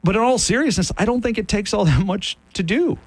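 Animated Midwestern American man, radio host. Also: sits high, brisk, no echo. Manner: animated storyteller, laughs often. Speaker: radio sports talk host. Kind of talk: casual sports radio banter.

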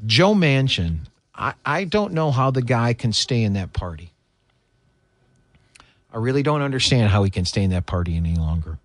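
Man, talk radio host, political commentary, indignant and emphatic, lively swooping pitch, dry close sound. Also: normal speed, dry recording. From United States.

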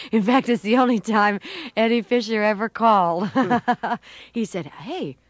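An older woman, a guest, telling a long story with animated, acted-out voices and laughter. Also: medium pitch, unhurried, dry recording.

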